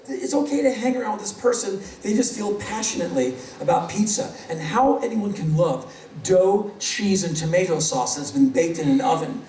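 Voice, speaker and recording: A man's voice: sits high, moderate pace, slight background noise. Sardonic man telling stories on stage. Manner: animated, sardonic, acts out voices. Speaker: spoken-word performer. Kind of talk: live stand-up storytelling. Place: large hall on stage. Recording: roomy live hall, distant mic. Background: audience laughter.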